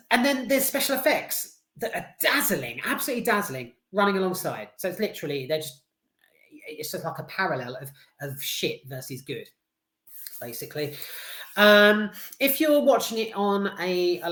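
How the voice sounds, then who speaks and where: A woman's voice: fairly low pitch, fairly bright tone, echoey room. A British woman giving a casual, blunt film review, full of swearing, restarts and fillers.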